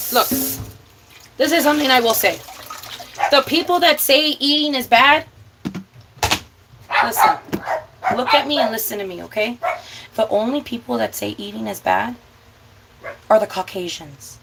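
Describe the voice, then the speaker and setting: Young woman, vlog host, higher-pitched voice, blunt profane rant, faint background noise. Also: creaky. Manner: blunt, profane, emphatic ranting; drawn-out words for emphasis. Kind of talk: casual ranting chat while cooking.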